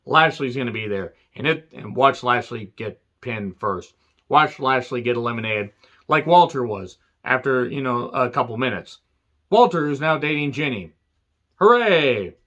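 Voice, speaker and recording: A man's voice: mid-range voice, sharp tone. A man giving a profane, sarcastic rant as he reviews a wrestling show. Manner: angry, sarcastic, swears constantly. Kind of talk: profane ranting commentary. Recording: dull lo-fi sound.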